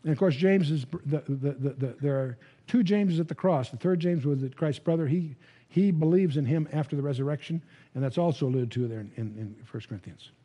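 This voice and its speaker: A man gives a Bible lecture to a live audience, his voice pitched high for a man yet mellow and warm in tone. He talks conversationally, restarts phrases with repeated words and puts questions to the listeners. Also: brisk. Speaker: Bible teacher.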